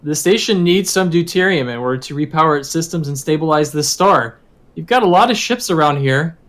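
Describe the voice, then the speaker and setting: A man playing the captain in a tabletop game, giving calm orders. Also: a little high, a little fast. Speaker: player as captain. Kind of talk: tabletop role-play.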